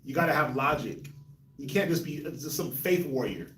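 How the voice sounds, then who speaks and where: A man's voice: fairly high pitch, animated, fairly quick, fairly bright tone, roomy sound, distant mic, a little hiss or hum. A man hosting a casual Bible discussion, laughing often and talking in loose slang. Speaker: host of a Bible discussion show.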